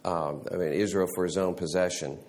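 Lower-voiced man teaching Sunday school. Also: steady tone, darkish tone. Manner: halting, restarts words, clears throat often. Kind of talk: teaching a church class.

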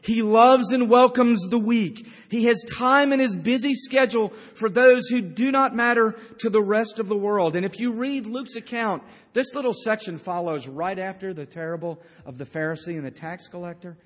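A man's voice: high voice, normal speed, hardly any pauses, big-room sound. A male pastor preaching a sermon, with emphatic storytelling. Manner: emphatic storytelling with acted-out quotes.

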